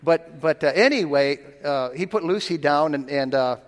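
A man preaching a sermon in a folksy, plain-spoken way, stumbling over repeated words and slowing down to read scripture. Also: fairly high pitch, lively intonation, in a large hall.

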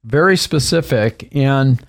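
A man with a mid-range voice and slow delivery, an author appearing as a guest, recounts a story in conversation. He brings it to life by acting out people's words, with laughs mixed in.

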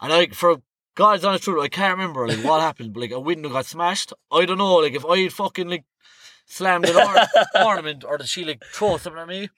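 A man's voice: a little high, brisk, bright, forceful tone, no echo, clean studio sound. A young Irish man telling a rambling night-out story on a podcast, swearing freely and tagging his sentences with "like" and "right?". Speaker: podcast guest. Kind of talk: casual storytelling.

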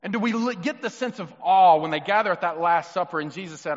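A man preaching a sermon as pastor in a church, swinging from loud, emphatic questions to soft, hushed reflection and acting out the voices of the people he quotes. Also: on the high side, fast, hardly any pauses. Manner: acts out quoted voices of Jesus, children and himself. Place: church sanctuary. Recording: muffled sound with long hall reverb.

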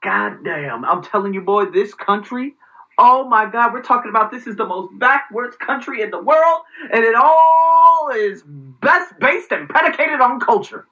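A man rants to his viewers in a sarcastic, profanity-laced vlog. His voice is bright and cutting and swings widely in pitch. He jumps from loud outbursts to low asides. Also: unhurried, dull audio. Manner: profane, sarcastic, animated, heated. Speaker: vlogger. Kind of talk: ranting vlog commentary.

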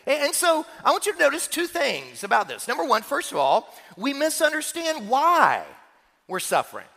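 A man's voice: very high-pitched, wildly swooping pitch, moderate pace, gravelly, pushed and bright, in a large hall. A male pastor preaching a sermon, telling stories from his own childhood and asking questions of his congregation.

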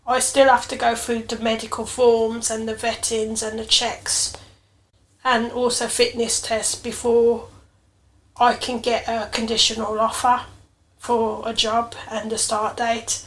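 A woman's voice: fairly high pitch, level tone, takes it slowly, fairly bright tone. Earnest woman telling a personal podcast story. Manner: earnest, reflective storytelling with emotional emphasis. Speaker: podcast host.

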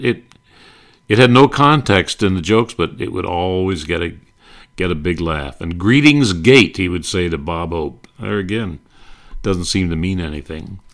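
Deep-voiced older man reminiscing. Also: fairly bright tone. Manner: rambling, many fillers and restarts. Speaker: host. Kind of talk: nostalgic casual talk.

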